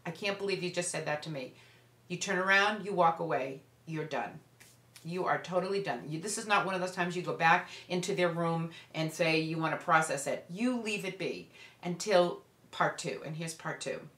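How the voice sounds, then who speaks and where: A woman's voice: lowish voice, moderate pace, fairly bright tone. A woman parenting coach giving earnest, direct advice to parents. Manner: earnest, direct, acts out examples. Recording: roomy echo.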